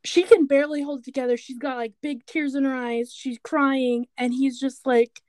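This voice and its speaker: A woman co-hosting a podcast, chatting casually and retelling scenes with animated quoted voices. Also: high-pitched, normal speed, no room sound. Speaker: podcast co-host. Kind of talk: casual chat recapping a TV show.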